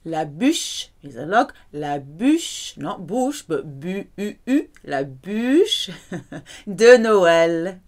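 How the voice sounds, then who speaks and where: A French woman teaching vocabulary, pronouncing each word slowly and carefully. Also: lowish voice, very animated, darkish tone. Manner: slow, careful pronunciation drills. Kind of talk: vocabulary lesson.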